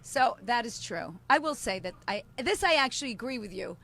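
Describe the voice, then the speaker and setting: A woman co-hosting a podcast in loose, profane chat, brash and quick to laugh. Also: a little high, expressive, gravelly, fairly bright tone. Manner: brash, swears freely, laughs often. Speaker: podcast co-host.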